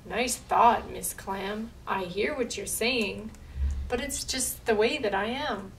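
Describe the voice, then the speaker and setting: A woman voicing a glum, pouting male fish in a read-aloud picture book, with a slow sing-song rhyme and a slightly gravelly voice, recorded from a distance with faint room noise. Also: medium pitch. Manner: sing-song rhyming refrain.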